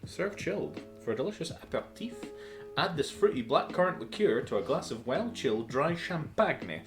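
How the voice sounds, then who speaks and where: A man's voice: a little high, sing-song, normal speed, soft background music. A young man with a Scottish accent chatting casually on a cooking stream, rambling and full of fillers. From Scotland. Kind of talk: casual chat.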